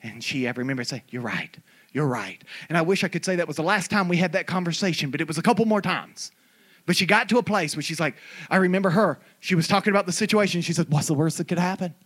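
A man preaching a sermon with passion, building into shouts. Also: sits high, quick pace, breathy edge. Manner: impassioned preaching that swells into shouts.

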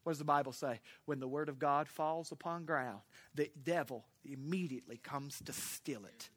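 A man's voice: on the high side, normal speed. A man pastor from Florida with a Southern accent, preaching a sermon through humorous, folksy storytelling.

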